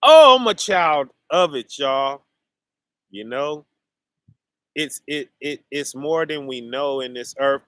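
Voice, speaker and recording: Male preacher, high bright voice, slow call-and-response delivery, dry close recording. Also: expressive, no room sound. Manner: preachy call-and-response, keeps asking "right?" and "y'all". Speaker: street preacher. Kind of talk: sermon.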